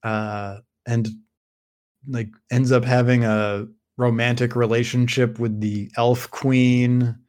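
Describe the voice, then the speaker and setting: Flat in delivery, slow-paced and mid-range, the man's voice has a darkish, clean tone. He's hosting a podcast and summarizing a fantasy novel casually, rambling and restarting frequently amid lots of fillers.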